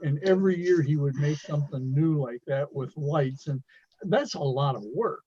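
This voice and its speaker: A man's voice: a little high, normal speed, warm tone, husky, dry recording, lo-fi sound. A man joining a casual live stream chat, asking questions and dropping wry remarks over a video call.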